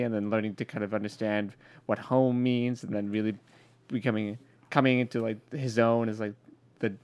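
A man on a podcast panel giving his take on a film, slowly searching for words. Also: on the low side, clean tone. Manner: hesitant, searching for words with restarts. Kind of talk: casual movie review chat.

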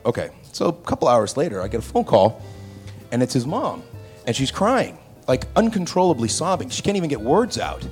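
A man telling an anecdote to an audience in a hall, animated and acting out the other people's voices. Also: mid-range voice, normal speed, faint music behind. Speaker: actor telling a set anecdote. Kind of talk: onstage storytelling. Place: stage before an audience in a hall.

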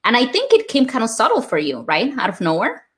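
A woman's voice: a little high, huge pitch swings, a little fast, fairly bright tone. A woman host asking reflective, affirming follow-up questions in an interview.

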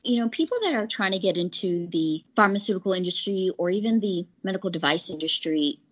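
A woman's voice: fairly low pitch, expressive, brisk, breathy edge. A woman in pharmaceutical sales, chatting in an interview, telling stories animatedly and acting out quoted lines. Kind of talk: conversational interview storytelling. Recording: slightly dull lo-fi audio.

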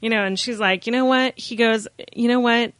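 A woman's voice: fairly high pitch, moderate pace, no echo. A woman co-hosting a casual chat, gushing about a TV episode and acting out the scenes. Her voice sounds dry and close, with no room around it. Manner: gushing, animated, acts out scenes. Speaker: podcast co-host.

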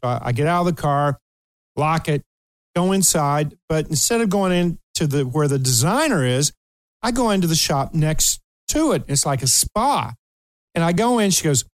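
A man's voice: a little high, normal speed, no echo. An older man from Kentucky who hosts a talk show, telling a funny story with lots of laughter and acted-out voices. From Kentucky, USA. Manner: animated storyteller, laughs often, acts out quoted voices. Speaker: host.

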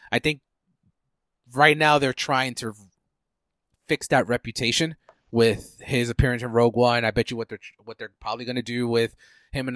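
A man hosting a podcast in casual chat, relaxed and rambling, with lots of fillers. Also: mid-range voice, dry recording, studio quality. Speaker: podcast host.

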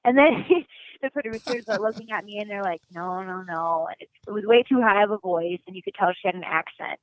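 A young woman from North Dakota, a singer, tells her story with animated, giggly energy as a podcast guest. The sound is thin and phone-like, and the room is very dry. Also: mid-range voice, fast talker, no echo. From North Dakota, USA. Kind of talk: casual interview storytelling. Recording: dry phone-line audio.

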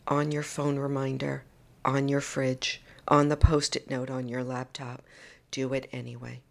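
A woman hosting a solo podcast monologue into a microphone, earnest and emotional, often dropping into a soft whisper. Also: rumbling low, flat delivery, a little slow, creaky. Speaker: podcast host. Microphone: studio microphone.

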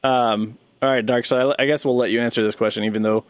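A man's voice: mid-range voice, steady tone, fast, no echo. An easygoing man leading a casual chat and asking the others questions. The sound is dry and close. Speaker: host.

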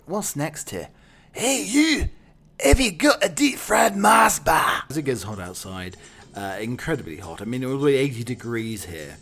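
A man hosting a podcast, riffing jokingly with lots of fillers and restarts. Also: on the low side. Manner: rambling, jokey, filler-heavy. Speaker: podcast host. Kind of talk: casual solo commentary.

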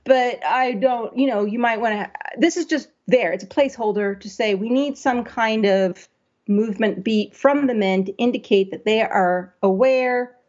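A woman's voice: mid-range voice, darkish tone, lo-fi sound. A woman giving a conversational critique of a story draft, thinking aloud and asking herself questions as she works. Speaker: writing editor.

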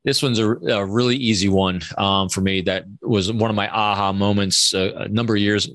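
A man in his fifties, a podcast guest, telling animated stories and acting out quoted dialogue. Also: lowish voice, moderate pace, no room sound, clean studio sound. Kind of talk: conversational storytelling interview.

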